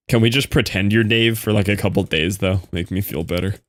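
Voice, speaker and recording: A man's voice: lowish voice, normal speed. A man streaming a block-building game, chatting casually and joking back at the videos he plays. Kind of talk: casual gameplay commentary.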